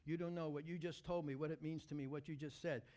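A woman's voice: low voice, steady tone, fast talker, mellow, lightly acted. A man voicing a desperate young woman with an addiction, pleading through tears. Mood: despairing. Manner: pleading, breaking down.

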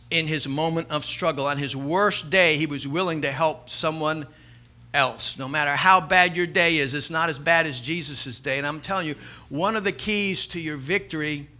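Middle-aged preacher guy, highish voice, earnest story then pushes hard on the point. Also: sharp tone. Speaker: pastor. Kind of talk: sermon.

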